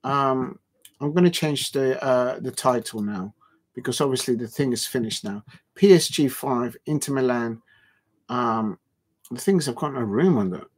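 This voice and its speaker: Livestream host, man, mid-pitched, rambling football banter with high protesting outbursts. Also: normal speed, slightly rough. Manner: animated football banter, voice jumping up when protesting; rambling with many fillers and restarts. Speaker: livestream watch-along host. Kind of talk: casual livestream chat reading out viewer comments.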